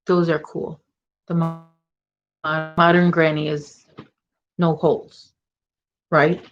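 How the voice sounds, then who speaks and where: A woman's voice: low-pitched, little pitch movement, slow, highs cut off. A middle-aged woman hosting a casual crochet live stream, chatting and rambling as she reads viewer comments. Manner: chatty, rambling, self-correcting. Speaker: crochet channel host.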